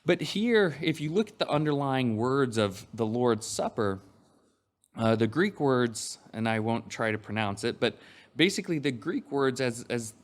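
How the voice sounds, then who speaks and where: Man preaching a conversational sermon. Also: mid-range voice. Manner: conversational, frequent fillers and restarts. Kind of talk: sermon with scripture reading.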